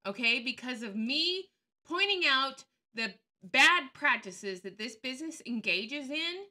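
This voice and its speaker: Bright-voiced, blunt, sarcastic woman. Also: a little high. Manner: blunt, sarcastic, openly angry; swears freely. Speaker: YouTube commentator. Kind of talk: casual screen-share commentary.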